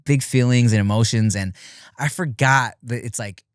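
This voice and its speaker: A man in his thirties co-hosting a casual podcast, telling lively stories, swearing freely and acting out his kids in high voices. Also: normal speed, smooth, no room sound, studio quality. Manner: swears casually, laughs often. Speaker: podcast co-host.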